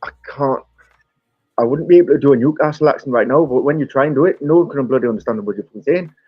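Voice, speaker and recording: A man's voice: mid-range voice, quick pace, husky, no echo, lo-fi sound. A man with a Staffordshire accent chatting casually as host, rambling and fond of accents. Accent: Staffordshire English. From England. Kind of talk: casual chat.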